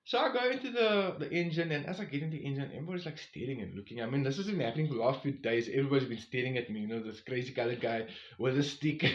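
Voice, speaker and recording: A man, rambling through a casual storytime recap of his long walk with lots of fillers and asides. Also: fairly high pitch. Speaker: vlogger on a long-distance walk. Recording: roomy, slightly dull recording.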